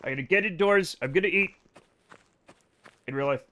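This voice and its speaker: Male streamer, high bright voice, loose rambling chat-to-camera style. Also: moderate pace. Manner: rambling, talks straight to chat. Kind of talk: live game-stream chat.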